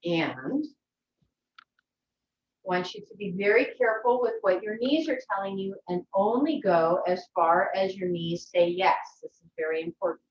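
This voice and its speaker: Woman yoga teacher, calm guiding voice, distant roomy dull video-call sound. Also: mid-range voice, moderate pace, a little hiss or hum. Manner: gentle, encouraging instructions. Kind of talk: guided yoga class. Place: her home.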